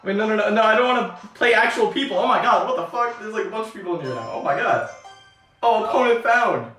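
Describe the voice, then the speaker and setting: A woman streaming a game, excitable and swearing often, yelling when she scores. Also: mid-range voice, fast talker. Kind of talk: live game stream commentary. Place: bathroom. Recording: echoey bathroom, distant from mic, faint game music.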